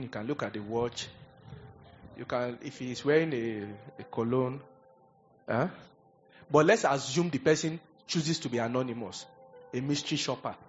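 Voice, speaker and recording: A man preaching a sermon, animated and conversational, acting out little scenes as he goes. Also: mid-range voice, muffled recording. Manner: animated preaching with acted asides. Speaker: pastor.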